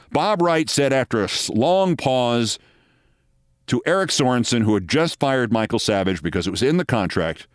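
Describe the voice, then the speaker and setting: A man's voice: medium pitch, smooth, dry recording. Sardonic male commentary host, dry sound. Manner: sardonic, dryly theatrical storytelling. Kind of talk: sardonic special-comment monologue.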